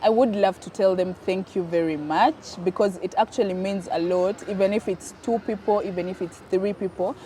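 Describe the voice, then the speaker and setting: A woman's voice: medium pitch, steady tone, moderate pace, hardly any pauses, warm tone, slight background noise. A woman answering interview questions about her online content, emphatic and a little defensive, often repeating her points.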